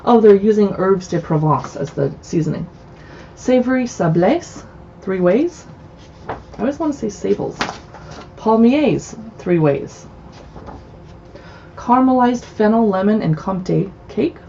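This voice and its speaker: A West Coast woman hosts a laid-back cookbook livestream from her city home, reading recipe titles aloud and tossing in chatty asides. Her mid-range voice is warm and animated, unhurried with long pauses and some vocal fry. The recording is muffled, with slight background noise.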